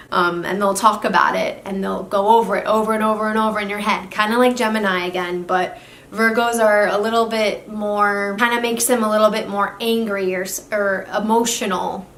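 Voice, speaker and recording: A woman's voice: mid-range voice, steady tone, moderate pace, fairly bright tone. A young woman talking casually to camera about astrology, chatty and filling her talk with "literally" and "like". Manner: chatty, says "literally" and "like" a lot. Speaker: astrology vlogger. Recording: echoey room with faint noise.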